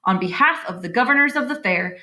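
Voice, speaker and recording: A pompous man booms over the loudspeaker at a county fair, formal and grand, as a woman reads him aloud. He is a storybook fair announcer, all ceremony and big words. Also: lively intonation, a little fast. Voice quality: booming, formal.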